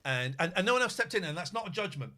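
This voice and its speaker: A middle-aged man tells a story on his podcast in a lively, bright, high voice that swings widely in pitch. He swears a lot and acts out the shouting of others. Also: fast. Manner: sweary, re-enacts shouted quotes. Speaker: podcast host. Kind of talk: animated storytelling.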